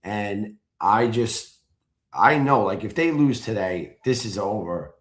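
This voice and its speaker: A man in casual chat, excitedly telling a story and acting out his own shouted chants. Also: fairly low pitch, slow. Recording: roomy echo.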